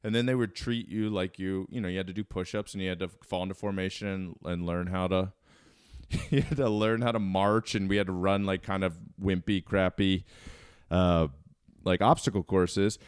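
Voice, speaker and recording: A man's voice: low-pitched, fairly even intonation, moderate pace, clear, resonant tone, no echo, clean studio sound. A man in his thirties from Baltimore, a podcast guest telling a rambling, self-deprecating story with many fillers. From Baltimore, Maryland. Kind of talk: casual storytelling.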